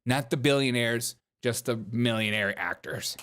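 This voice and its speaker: Male host, sarcastic and mocking, clean resonant voice, mid pitch. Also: normal speed, fairly bright tone, clean tone. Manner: mocking, laughing asides. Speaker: political commentary host. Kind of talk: sarcastic commentary over clips.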